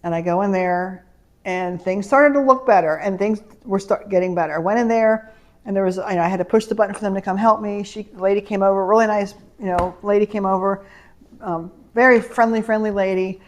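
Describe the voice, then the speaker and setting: Middle-aged woman, rambling home vlogger, mid-pitched, chatty storyteller. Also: fairly even intonation, fairly quick. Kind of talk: casual haul vlog chat. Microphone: camera mic.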